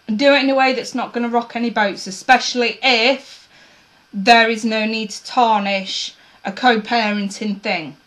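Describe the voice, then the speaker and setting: A woman giving a casual tarot reading to her viewers, blunt and swearing freely, her voice going a bit hoarse. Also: a little high, measured pace, long pauses, a bit bright, poor audio. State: losing her voice, coughing. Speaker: tarot reader.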